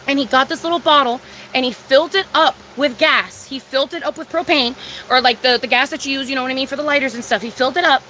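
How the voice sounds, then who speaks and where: A young woman chats on a livestream from home in a high, bright voice. She swears freely and answers her viewers with emphatic agreement. Faint noise sits behind her. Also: fast. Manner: profane, emphatic, talking back to chat. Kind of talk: casual live chat.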